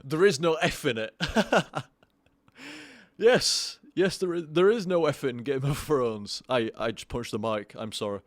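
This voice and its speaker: A drunk young male streamer rambles through a live stream, stumbling over his words and swearing freely. His voice sits at an ordinary middle pitch and sounds close and dry, with no room around it. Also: measured pace, no room sound. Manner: rambling, sweary, stammers and repeats himself. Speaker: game streamer.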